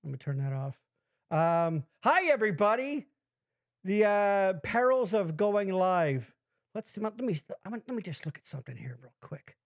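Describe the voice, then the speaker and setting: Animated, swearing male live-stream host. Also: high-pitched, moderate pace, dry recording. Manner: rambling, swears freely, animated. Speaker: podcast host. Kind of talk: casual live-stream chat.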